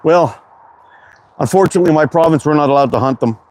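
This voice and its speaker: A man's voice: a little high, fast, darkish tone. A man from Canada with a Quebec accent, casually hosting an outdoor livestream and greeting viewers from chat. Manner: reads chat names aloud, laid-back and friendly, swears casually. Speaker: slingshot livestream host. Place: outdoors in cold wind. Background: wind and outdoor ambience.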